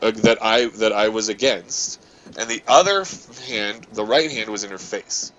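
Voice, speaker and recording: Over his gameplay, a man who runs a gaming channel recounts an angry tale casually, swearing heavily and restarting again and again with animation. The voice is lowish at normal speed, and the sound is lo-fi.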